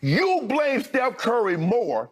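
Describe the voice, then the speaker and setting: A man's voice: very high-pitched, wildly swooping pitch, slow pace, breathy edge. A man co-hosting a heated sports debate, arguing emphatically and cutting in again and again. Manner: emphatic, interrupts, repeats name to cut in.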